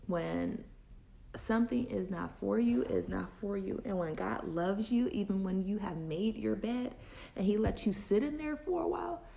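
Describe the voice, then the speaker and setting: A woman's voice: fairly low pitch, gravelly, darkish tone, a little hiss or hum. A woman hosting a women's chat, telling a personal story in a candid, confiding and emotional way, with faith woven in.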